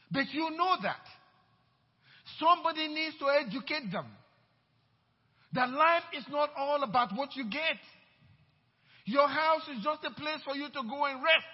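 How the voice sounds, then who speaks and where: A man preaching a sermon as pastor in a church, emphatic and repeating his phrases. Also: very high voice. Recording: dull, echoey church hall.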